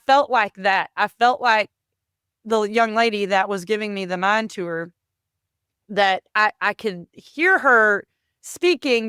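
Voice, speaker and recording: A woman's voice: mid-range voice, a little slow, a bit bright, clean tone, dry recording, clean studio sound. A woman hosting a podcast, telling a personal story in an earnest way, often repeating words and calling listeners "y'all". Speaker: podcast host.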